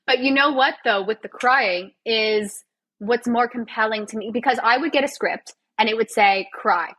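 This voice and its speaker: A woman's voice: a little high, moderate pace, a bit bright, low-quality recording. A woman, a physiotherapist and actor, guesting on a podcast in casual, self-mocking, sarcastic chat.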